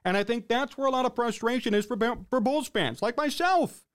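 A man's voice: very high-pitched, a little fast, smooth. A man hosting a sports talk show, ranting in an exasperated, sarcastic way and reading out chat comments.

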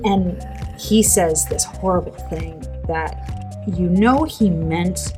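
Woman podcast guest, lower register, earnest film chat, light music underneath. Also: slow. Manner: animated, earnest, talks at length. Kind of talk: casual film discussion.

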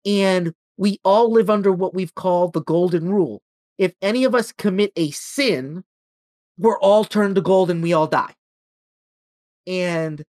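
A man's voice: sits high, natural voice. Man paraphrasing a tired male magistrate, casual retelling. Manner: loose retelling in an everyday voice. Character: weary male magistrate of a cursed city.

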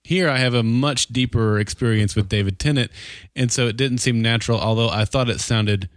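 A man's voice: medium pitch, fairly quick, no room sound, studio quality. A man co-hosting a podcast, talking casually and hesitantly, often repeating words as he thinks. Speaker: podcast co-host. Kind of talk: casual TV discussion.

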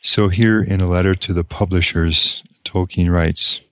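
A man with a very deep voice reads a novel aloud and reflects on it in a slow, measured way, pausing often. The sound is dry and close, with no room in it. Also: steady tone, a bit bright, no echo. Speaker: priest.

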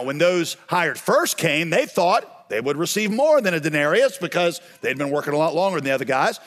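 High-voiced pastor preaching. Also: male voice, big-room sound. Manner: animated storytelling, acting out characters. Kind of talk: sermon.

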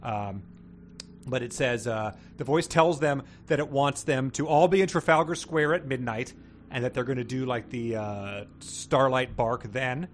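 A man's voice: mid-range voice, unhurried, a little hiss or hum. A male podcast co-host with a mid-range voice talks through ideas in long, meandering explanations, full of asides and fillers. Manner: rambling, filler-heavy explaining. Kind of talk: casual chat.

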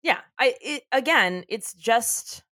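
A podcast co-host with a fairly high, sharp-toned voice speaks slowly but with lively intonation, recorded with clean studio sound and no echo. She recaps a TV episode in casual chat, laughing often and swearing freely.

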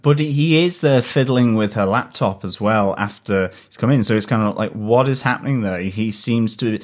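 Enthusiastic male podcast co-host with a lower voice, rambling with filler words. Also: normal speed. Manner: chatty, enthusiastic, many fillers. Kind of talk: casual chat.

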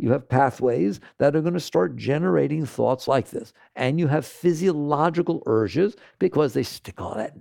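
Gravelly man teaching emphatically. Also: fairly high pitch, darkish tone, no room sound, clean studio sound. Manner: emphatic, rhetorical, keeps checking in with "right?"; tells stories and acts out other people's lines. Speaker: spiritual teacher. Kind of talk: spoken teaching talk to an audience.

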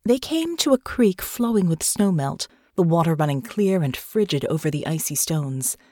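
A woman narrating an audiobook in an expressive, measured storytelling manner. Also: on the low side, no echo, studio quality. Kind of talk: scripted narration.

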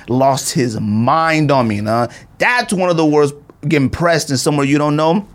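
A man's voice: normal speed, hardly any pauses. A man in his thirties from Arizona, hosting a podcast and telling a casual story, acting out the people he quotes. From Arizona, USA. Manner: animated storyteller acting out quotes with big pitch jumps. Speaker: podcast host.

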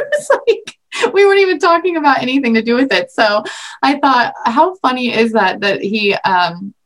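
A woman co-hosting a podcast, telling stories in a gushing, enthusiastic way with lots of "like". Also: a little high. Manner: gushing, enthusiastic storytelling with frequent "like". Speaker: podcast co-host. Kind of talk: casual podcast chat.

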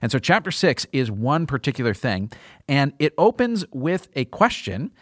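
A man who is a teaching pastor, explaining a Bible passage in a measured, conversational way on a podcast. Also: mid-range voice, very animated, no echo, clean studio sound. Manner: measured, explanatory, leans on "kind of".

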